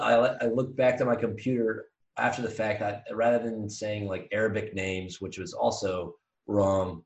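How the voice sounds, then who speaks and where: A man in his thirties, co-hosting a casual podcast, telling a rambling, animated story full of restarts. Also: fairly low pitch, recorded from a distance. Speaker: podcast co-host. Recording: echoey room, voice off-mic.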